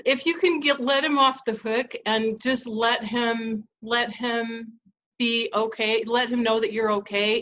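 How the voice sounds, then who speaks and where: Middle-aged woman host, slightly high voice. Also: fairly bright tone, highs cut off. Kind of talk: casual relationship advice talk.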